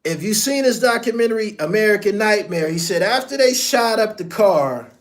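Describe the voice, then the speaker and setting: A man's voice: high-pitched, expressive, normal speed. A man hosting a podcast, telling a story in blunt, profane, emphatic casual commentary. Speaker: podcast host.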